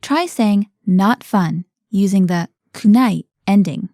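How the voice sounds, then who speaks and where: A woman hosting a scripted language-lesson podcast, explaining words clearly and prompting her co-host with questions. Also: mid-range voice, a little slow, noisy background.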